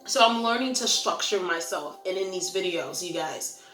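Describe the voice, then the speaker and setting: A woman's voice: lowish voice, expressive, normal speed. Earnest woman rambling in a roomy echo. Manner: rambling, earnest, self-reflective. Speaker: host of a Christian ministry channel. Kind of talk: casual encouraging talk to camera. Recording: roomy echo with faint music.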